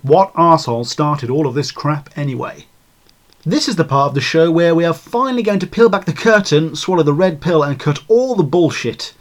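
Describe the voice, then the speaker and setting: A man narrating a video essay in an irreverent, sardonic way, swearing freely. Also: fairly high pitch.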